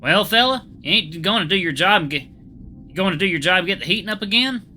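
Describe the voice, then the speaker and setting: A man's voice: sits high, animated, fairly quick, sharp tone, soft background music, pitched above the performer's own voice, exaggerated voice. A man voicing a laid-back male passenger with an American Southern accent and a folksy drawl. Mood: teasing.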